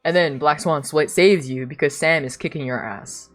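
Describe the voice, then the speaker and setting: A woman's voice: low voice, moderate pace, soft background music. A woman streamer chatting casually while she plays and recaps a story, rambling, sarcastic and swearing often.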